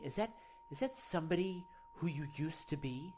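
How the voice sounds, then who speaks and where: Male host, parody meditation guide: rambling, earnest, hushed at times, very animated pitch. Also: normal speed, a little hiss or hum. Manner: rambling, earnest, soft-spoken.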